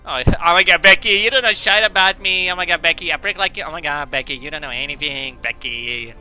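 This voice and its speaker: A man's voice: a little high, fast talker, sharp tone, faint music behind. A man putting on a petulant valley-girl teenager, whining in a mocking, exaggerated way. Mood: indignant.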